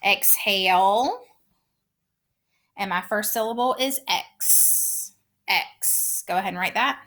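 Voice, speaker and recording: Slow, bright-voiced woman teaching phonics. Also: mid-range voice. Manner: slow, clearly sounding out words; patient, encouraging. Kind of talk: phonics lesson.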